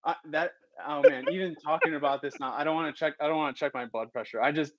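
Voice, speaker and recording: A man who is a physician, guest on a podcast, talking candidly and getting animated and heated as he goes. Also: fairly high pitch, quick pace, no echo, muffled recording. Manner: candid and animated, works himself into heated rants. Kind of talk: casual podcast conversation.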